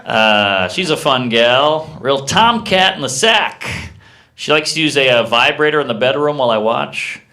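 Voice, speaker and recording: A medium-pitched man does a stand-up set before a club audience, his jokes delivered as deadpan one-liners broken up by fast asides to the crowd.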